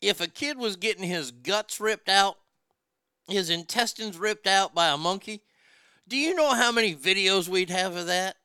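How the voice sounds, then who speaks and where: A man's voice: high voice, normal speed, sharp tone, clean tone, no echo, clean studio sound. Profane man telling stories. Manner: profane, blunt, drawling storyteller. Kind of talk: casual comedic storytelling.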